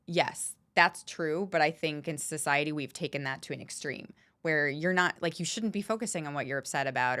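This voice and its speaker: A woman with a low voice talks frankly in a relaxed podcast conversation. She is blunt, swears without hesitation and leans hard on her key words. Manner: frank, swears freely, emphatic. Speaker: podcast guest. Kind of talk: candid conversational talk.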